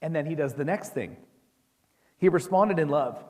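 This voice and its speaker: An American man preaching to his congregation in an easy, conversational way, often turning to ask them questions. His voice sits a little high for a man. The sound carries a long reverb from the church hall. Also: expressive, normal speed, darkish tone. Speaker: pastor. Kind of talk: sermon.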